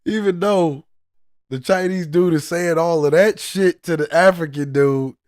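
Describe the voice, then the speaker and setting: A man's voice: on the high side, unhurried, darkish tone, no room sound, studio quality. A man giving casual reaction commentary as a channel host, heated and profane, often restarting his sentences.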